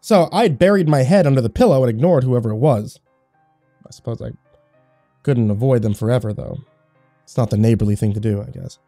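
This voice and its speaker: A man's voice: medium pitch, brisk, gravelly, mellow, no echo, soft background music. A man giving scripted horror story narration in a wry, sarcastic first-person tone.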